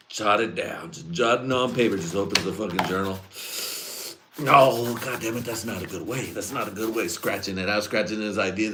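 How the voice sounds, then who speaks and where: A man's voice: fairly low pitch, normal speed, background noise. A man hosting his own podcast, rambling through comedic ideas with lots of fillers, laughter and swearing. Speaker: podcast host. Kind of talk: solo comedic riffing.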